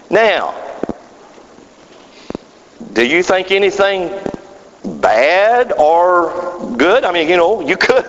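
A man delivers a sermon in a long-reverberating church hall, reading scripture and drawing his congregation into call-and-response. His pitch swoops high and low with a rhythmic, building cadence. The recording is slightly dull, with faint background noise. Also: fairly bright tone. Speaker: preacher.

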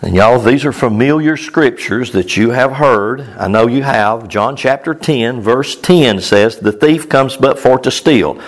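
A man preaching a relaxed, chatty Bible teaching. His voice sits in an ordinary middle pitch, and he circles back over his own phrases while leaning in toward the listeners. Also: a little slow, few pauses. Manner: informal, repeats phrases, chuckles, addresses the congregation directly. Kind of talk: conversational Bible-teaching sermon.

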